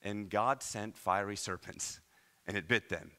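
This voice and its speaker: A man from Iowa preaching a sermon as pastor, with animated delivery and many rhetorical questions. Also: on the low side, a little slow, vocal fry. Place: church.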